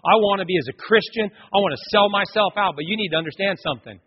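High-voiced man preaching in a hall. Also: quick pace, slightly rough. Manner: animated preaching, dramatic quoted voices. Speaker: pastor. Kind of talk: sermon. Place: church sanctuary. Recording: muffled, long hall reverb.

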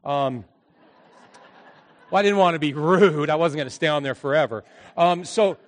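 A man preaching a sermon as a pastor, telling a story with animated delivery and acted-out voices. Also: a little high, normal speed, long reverb tail.

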